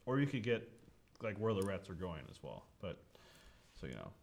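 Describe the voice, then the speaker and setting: A man narrating as game master in a relaxed, hesitant way, often filling pauses with "um". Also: deep voice, creaky. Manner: relaxed, hesitant, lots of fillers and chuckles.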